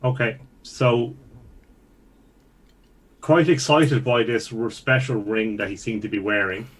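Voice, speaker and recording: A man's voice: medium pitch, takes it slowly, a bit bright, low-quality recording. A man playing a tabletop game, thinking aloud in a plain, casual way. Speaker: player.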